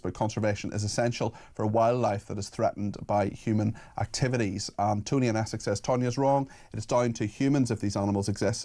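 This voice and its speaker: A man hosting a talk radio phone-in, taking calls and briskly reading out listener messages. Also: lowish voice, dark tone. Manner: brisk, reads messages aloud quickly. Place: radio studio.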